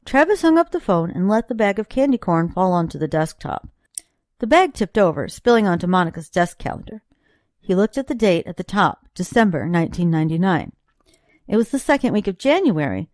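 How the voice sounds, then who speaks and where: A woman narrating a novel chapter in a steady, even storytelling delivery. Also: mid-range voice, no echo, studio quality. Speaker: audiobook narrator. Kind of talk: audiobook reading.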